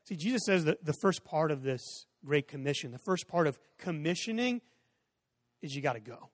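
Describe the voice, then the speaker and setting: High-voiced pastor preaching in a hall. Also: male voice, expressive, normal speed, studio quality. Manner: conversational storytelling, acts out exchanges in raised voices. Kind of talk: sermon. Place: church sanctuary with a stage and audience seating.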